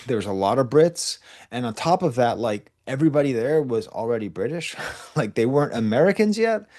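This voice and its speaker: A man's voice: medium pitch, very animated, brisk, darkish tone. A man who is a college professor, giving a recorded class lecture in a conversational, digressive way with frequent asides and restarts.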